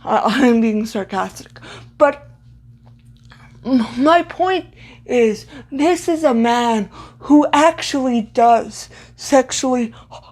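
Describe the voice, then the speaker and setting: A young woman with a high voice speaks slowly in blunt, sarcastic commentary. She often halts and repeats the first sounds of words. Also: darkish tone. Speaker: vlogger. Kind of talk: opinionated commentary.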